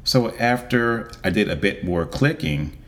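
A man giving a casual, wry monologue as a vlogger, with deliberate pauses. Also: lowish voice, lively intonation, fairly bright tone.

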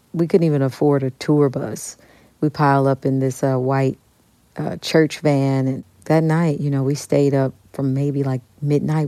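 A woman from Kansas City, Kansas, a musician and actor, telling an animated story as a guest on a radio interview. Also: very deep voice, no room sound.

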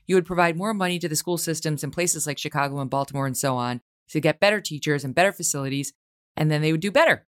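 A woman's voice: low-pitched, fast. A woman hosting an interview, talking in an emphatic, indignant way. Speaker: podcast host. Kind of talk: conversational interview.

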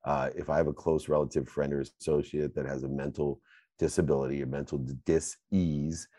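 A middle-aged man hosting a live Q&A, answering questions in a fervent, preachy way that swings between loud bursts and quiet asides. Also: very deep voice, level tone, quick pace, dry recording, studio quality. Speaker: host and coach. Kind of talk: motivational Q&A answers.

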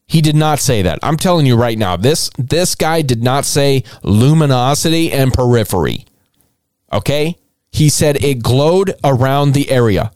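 A man's voice: medium pitch, expressive, a little slow, a little mellow, no echo, clean studio sound. Irreverent swearing male podcast host. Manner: irreverent, mocking, swears often, laughs at own material. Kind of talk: comedic storytelling podcast.

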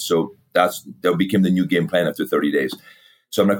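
Middle-aged male guest, lowish voice, blunt storyteller who swears and mimics dialogue. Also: quick pace. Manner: candid, swears freely, acts out past dialogue. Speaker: fitness company founder, guest. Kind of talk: casual storytelling interview.

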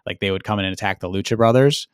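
A man co-hosting a podcast, relaxed in casual chat and leaning on strong adjectives for emphasis. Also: fairly low pitch, racing, clean tone, no echo, clean studio sound. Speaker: podcast co-host.

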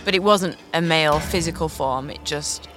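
A woman's voice: low-pitched, moderate pace, over music. A woman, recounting a personal experience on a podcast, earnest and reflective, often breaking into short nervous laughs. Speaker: podcast host. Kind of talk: personal storytelling.

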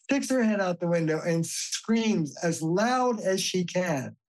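Guesting on a podcast interview, this older family therapist tells his stories emphatically and with lively animation, swearing casually along the way. He talks slowly in a high-pitched voice, captured on a rough recording.

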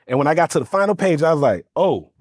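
A man telling a personal story on a podcast, animated and lively, slipping into voices for the people in it. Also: fairly high pitch, racing, no echo, studio quality. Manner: lively, does voices for people in his stories, stammers when excited. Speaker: podcast guest, speaking coach. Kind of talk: animated storytelling in casual interview.

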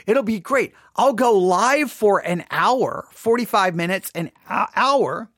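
A man's voice: sits high, expressive, slow, a bit bright, no echo. A man hosting a live podcast from his studio, telling a self-deprecating story in a chatty way, often asking "right?". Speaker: podcast host. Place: home studio.

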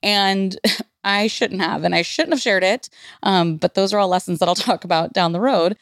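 A woman's voice: mid-range voice, moderate pace, fairly bright tone, dry recording, clean studio sound. A woman in her thirties from Northern California telling a personal story on her podcast, candid and casual, swearing freely and filling with "like". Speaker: podcast host.

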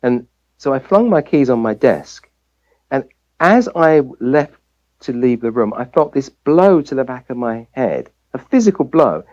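A man's voice: medium pitch, very animated, a little slow, darkish tone, muffled recording. An English man, a family physician, telling a personal story as a guest in an interview, and acting out the voices he quotes. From England.

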